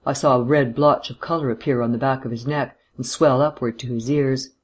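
A man reading a classic detective story aloud in a steady, measured way. His pitch sits in the ordinary middle range, and his delivery stays even and controlled through the action scenes. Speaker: audiobook narrator. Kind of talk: scripted narration of a detective novel.

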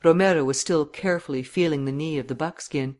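A man narrating a literary audiobook in a measured, descriptive reading. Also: a little high, darkish tone.

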